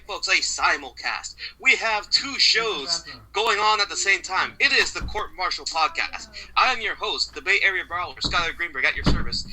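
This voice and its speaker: A man's voice: sits high, lively intonation, normal speed, pushed and bright, rough recording. A man hosting a podcast, announcing his co-hosts with teasing hype-man introductions. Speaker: podcast host. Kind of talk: casual podcast chat.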